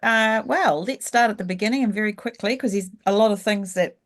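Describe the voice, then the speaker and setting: A middle-aged woman, telling her story frankly and reflectively as an interview guest. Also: medium pitch. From New Zealand. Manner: frank and reflective, slows down when thinking back. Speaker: guest, leadership coach. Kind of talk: candid storytelling in a casual interview.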